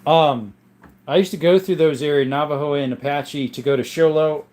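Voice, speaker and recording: A man's voice: fairly high pitch, moderate pace, a little mellow. A man hosting a casual live chat, reading viewer comments aloud and answering in a laid-back, rambling way, his voice strained and worn. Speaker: livestream host and gun collector. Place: home room with a gun collection.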